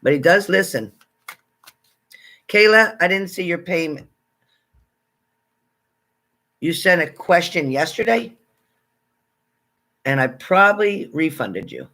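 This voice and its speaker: A man hosting a casual livestream, chatting with viewers and greeting them by name, excitable and exclamatory. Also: fairly high pitch, measured pace. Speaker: livestream psychic reader. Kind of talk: casual live chat with viewers.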